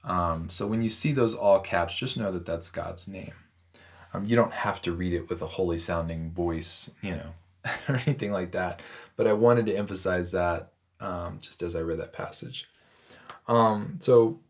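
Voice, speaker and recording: A man reading a Bible passage aloud and stopping to explain it in a relaxed, conversational way, with frequent ums and self-corrections. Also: on the low side. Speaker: Bible teacher. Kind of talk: scripture reading with commentary.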